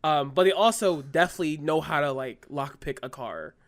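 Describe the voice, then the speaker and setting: A man co-hosting a podcast in casual chat, animated and swearing freely. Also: on the high side, brisk. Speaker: podcast co-host.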